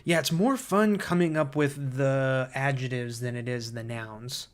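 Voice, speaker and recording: A man hosting a livestream who reads viewer comments aloud and thinks out loud, hesitant and full of fillers, easily excited by ideas. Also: mid-range voice, measured pace, slight background noise. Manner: enthusiastic about ideas. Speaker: livestream host.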